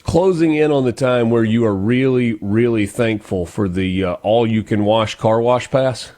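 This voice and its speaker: A man's voice: medium pitch, normal speed, dark tone. A man hosting a morning radio talk show, chatting casually and reading birthdays and sponsor spots. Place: radio studio.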